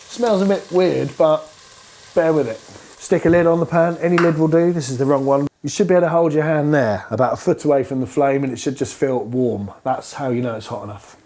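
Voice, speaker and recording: Man, cooking host, chatty and playful, kitchen, frying sizzle behind. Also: fairly high pitch. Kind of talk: casual cooking demonstration. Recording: clear frying noise behind voice. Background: frying and sizzling pan sounds.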